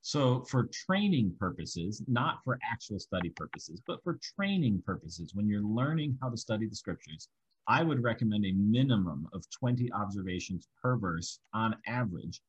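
Bible study teacher, male, husky and low, walks through examples step by step. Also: big pitch swings, normal speed, highs cut off.

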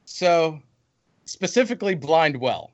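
A man's voice: fairly high pitch, very animated, slow, no echo. Man, casual gaming chat, vents and rambles, dull dry lo-fi mic. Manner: venting, rambling with restarts.

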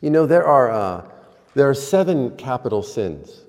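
A man preaching a sermon in a church, telling stories slowly with pauses. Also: medium pitch, very animated, darkish tone. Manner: slow, storytelling with pauses. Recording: long hall reverb.

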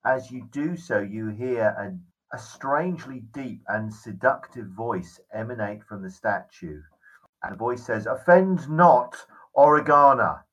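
Man, game master, low voice, descriptive narration, tabletop game. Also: a little slow, dull audio. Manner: descriptive, hesitant with fillers.

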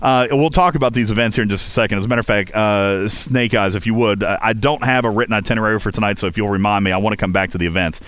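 This man hosts a game community voice chat, joking and rambling to listeners with many fillers and restarts. He talks very fast with few pauses in a lowish, slightly bright voice, and there's no echo.

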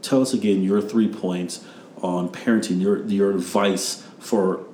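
A man's voice: on the low side, fairly even intonation, measured pace, mellow, echoey room, slight background noise. A man hosting a parenting podcast, telling stories in a casual rambling way and acting out what people said. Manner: rambling storyteller, acts out quotes. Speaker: podcast host.

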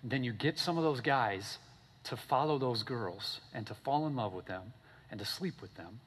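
A man preaching a sermon in a casual, animated storytelling way, often checking in with "okay?" and "right?". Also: normal speed, slightly rough. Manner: animated storytelling, acting out characters with big pitch swings. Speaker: pastor. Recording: long hall reverb.

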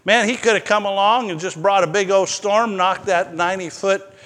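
A man's voice: high voice, fairly even intonation, normal speed, a bit bright, big-room sound. A male pastor preaching a sermon, mixing personal stories with emphatic, rising declarations.

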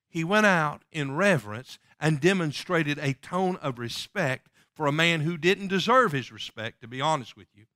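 A male pastor preaching a sermon emphatically and reading scripture in a slow, solemn way. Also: a little high, bright, forceful tone, no echo, clean studio sound.

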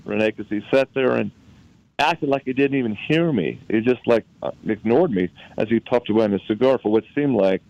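A man from Utah, a guest recounting a personal story in conversation, halting and often repeating words as he recalls events. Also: lowish voice, vocal fry, darkish tone, dry recording, lo-fi sound.

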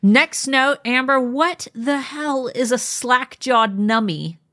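A woman's voice: high-pitched, takes it slowly, a bit bright. Rambling woman in her thirties. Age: 30s. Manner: rambling, many fillers and restarts. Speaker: podcast co-host. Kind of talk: casual chat.

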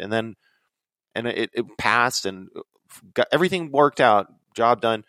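Young male podcast guest, rambling excitable storyteller, mid-range voice, dry close recording. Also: moderate pace, dry recording. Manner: rambling, excitable, voice jumps high when quoting himself. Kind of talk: casual storytelling chat.

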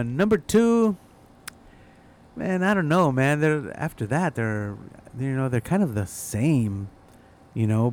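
A man chatting casually with friends, relaxed, swearing often and trailing off mid-sentence. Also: medium pitch. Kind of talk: casual chat.

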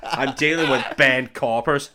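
A man voicing a crude, irate police chief in a put-on Irish accent, shouting and swearing. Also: medium pitch, a little slow. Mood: gruff.

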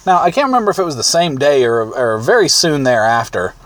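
A man's voice: medium pitch, sing-song, a little fast, a bit bright, no echo. A man telling a rambling, self-amused anecdote casually, with restarts and chuckles. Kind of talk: casual storytelling.

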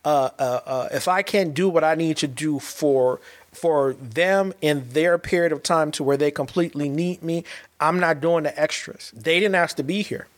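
A man's voice: a little high, normal speed. A man and father giving a heartfelt monologue, earnest and emphatic, often repeating and restarting his words.

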